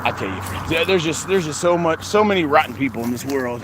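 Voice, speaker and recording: A man's voice: a little high, expressive, fast. A man talking earnestly and rambling to his viewers outdoors, filming himself on a phone. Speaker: vlogger. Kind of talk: casual monologue to viewers. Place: outdoors, windy cemetery grounds. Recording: noisy outdoor recording with wind.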